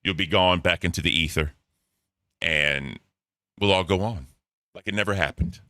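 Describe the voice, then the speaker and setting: A man's voice: sits low, moderate pace, sharp tone, no room sound, studio quality. A man hosting a casual podcast chat, joking and swearing freely. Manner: profane, joking. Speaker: podcast host.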